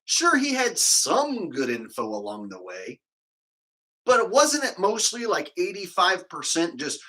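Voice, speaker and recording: A man hosting his own video, talking casually and mocking in an incredulous, animated way. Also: high voice, unhurried, poor audio. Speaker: comedian and video host. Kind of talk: casual comedic commentary.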